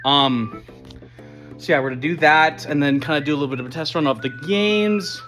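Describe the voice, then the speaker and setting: A young man giving a casual video diary update, excited and rambling with lots of fillers and restarts. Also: fairly high pitch, brisk, faint music behind. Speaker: vlogger planning a party.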